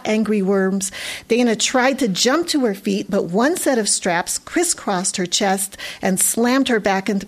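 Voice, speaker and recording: Expressive woman reading a children's book. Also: medium pitch. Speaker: narrator. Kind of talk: audiobook narration.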